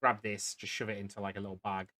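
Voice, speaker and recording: Rambling low-voiced male game master. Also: little pitch movement, quick pace, pushed and bright. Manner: rambling, many fillers and restarts. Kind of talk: narrating a tabletop game.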